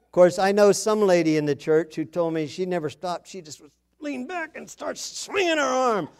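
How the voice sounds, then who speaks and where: Male pastor, high voice, folksy humorous sermon, chuckles between lines. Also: expressive, normal speed, smooth. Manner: chuckles often, storytelling, loud punchy emphasis.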